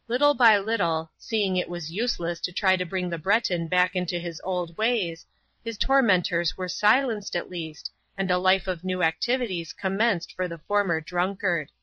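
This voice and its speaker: A woman narrating a story in a measured, even storytelling voice. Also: fairly low pitch, dry recording. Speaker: audiobook narrator. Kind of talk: scripted narration. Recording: dull lo-fi recording.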